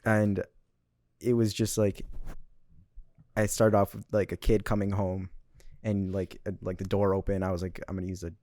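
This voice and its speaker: A man's voice: low-pitched, flat delivery, moderate pace, long pauses, dark tone, no room sound, clean studio sound. A young man guesting on a podcast, telling stories in a rambling way full of "like" and "um". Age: young adult. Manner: rambling, filler-heavy storytelling. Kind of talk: casual chat.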